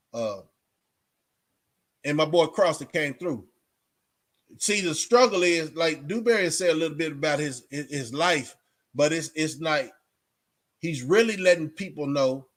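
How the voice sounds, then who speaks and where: Fairly bright and on the high side, the voice belongs to a Texas vlogger giving a casual monologue of straight talk. He preaches emphatically and says the same things more than once.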